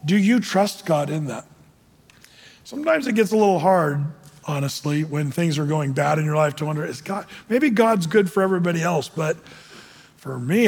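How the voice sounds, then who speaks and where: A man's voice: a little high, breathy edge. A male pastor preaching in a conversational way, putting questions to the audience between fillers. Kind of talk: sermon. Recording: long hall reverb.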